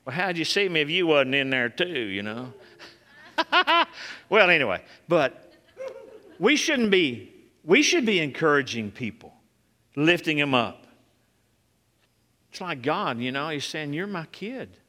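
A man preaching a sermon as a pastor, swinging from loud emphatic peaks to soft low passages and calling out to the congregation. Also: sing-song, unhurried, long pauses. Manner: emphatic, rises loud and high on key points, drops soft and low for quiet moments; calls out to the congregation. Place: church sanctuary. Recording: long hall reverb.

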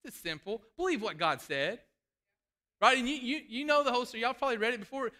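A man's voice: very high voice, lively intonation, fast talker, pushed and bright. A man preaching a sermon, fervent and emphatic, calling out to the congregation.

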